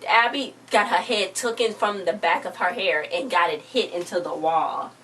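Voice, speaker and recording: A young woman casually recapping a TV episode, chatty and animated, acting out the characters' lines and adding her own reactions. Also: on the low side, normal speed. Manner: chatty, animated retelling with quoted lines and asides. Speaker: TV episode reviewer. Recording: distant mic with faint background noise.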